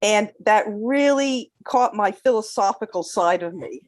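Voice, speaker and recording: A woman posing a question to a speaker, effusive and appreciative, stumbling and restarting as she goes. Her voice is mid-pitched and recorded dry, with no room sound around it. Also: expressive, a little slow, dry recording. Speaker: audience member asking a question.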